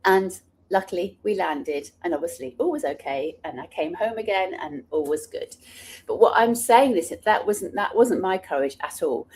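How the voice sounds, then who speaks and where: A woman's voice: lowish voice, lively intonation, moderate pace, darkish tone, a little hiss or hum. A middle-aged woman, an author and speaker, telling personal stories in an earnest, passionate way, sometimes restarting her sentences. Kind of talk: personal storytelling talk.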